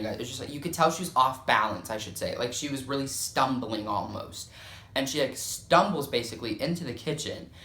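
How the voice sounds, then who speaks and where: A man's voice: medium pitch, fairly bright tone, echoey room. A young man telling a dramatic storytime, swearing often and filling gaps with "like.". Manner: profane, dramatic, filler-heavy storytelling. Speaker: storytime vlogger. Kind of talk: casual storytime.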